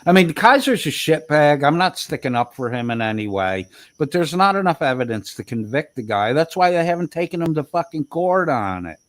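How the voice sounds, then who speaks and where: A man's voice: on the high side, sing-song, a little fast, few pauses, no room sound. Profane, berating man in a heated argument. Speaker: livestream debater.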